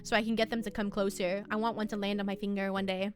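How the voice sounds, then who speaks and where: A woman's voice: medium pitch, little pitch movement, quick pace. A young woman streaming, chatting casually and giggling as she reads and answers her chat. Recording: faint music behind.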